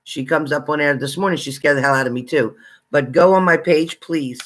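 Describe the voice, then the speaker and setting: A man hosting a casual livestream, chatting with viewers and greeting them by name, excitable and exclamatory. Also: a little high, a little fast. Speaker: livestream psychic reader. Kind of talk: casual live chat with viewers.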